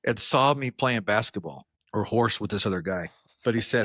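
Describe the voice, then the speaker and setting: Guy co-hosting a podcast, chatty storyteller, does the voices with big pitch jumps, dry close mic. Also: moderate pace, no echo. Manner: animated storyteller, acts out quotes with jumps in pitch. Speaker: podcast co-host. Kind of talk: casual storytelling chat.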